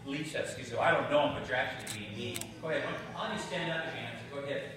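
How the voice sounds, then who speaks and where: A man's voice: mid-range voice, very fast, background noise. A man giving a homily to children in church, chatty and coaxing as he asks them questions. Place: large church. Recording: echoey church from far off.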